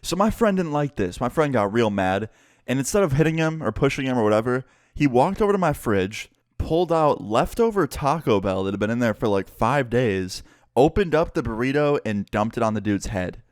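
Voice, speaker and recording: A young man telling a story in a casual, profane and animated vlog style. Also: medium pitch, fairly quick, dry recording, studio quality. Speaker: vlogger and musician.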